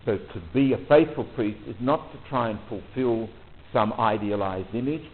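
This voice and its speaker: A man leading a retreat talk for priests, relaxed and conversational, often pausing with ums and restarts. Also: lowish voice, a little hiss or hum. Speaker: retreat leader. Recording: tinny phone-like audio.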